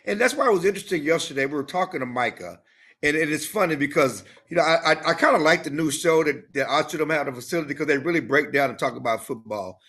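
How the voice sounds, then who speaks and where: A man co-hosting a sports podcast in casual chat, animated and given to repeating himself. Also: fairly high pitch, quick pace. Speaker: podcast co-host.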